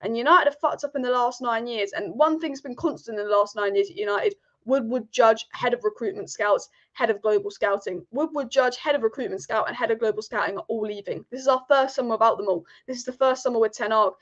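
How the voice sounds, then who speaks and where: A woman's voice: fairly high pitch, fairly quick, few pauses, fairly bright tone. A woman hosting a live football fan stream, ranting passionately and repeating her points. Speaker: football channel host. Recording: dull lo-fi stream audio.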